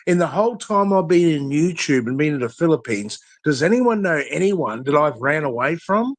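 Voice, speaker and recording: A man's voice: a little high, expressive, moderate pace, no echo. A man, ranting angrily and profanely as a guest in a casual chat, full of threats. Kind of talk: angry rant in casual chat.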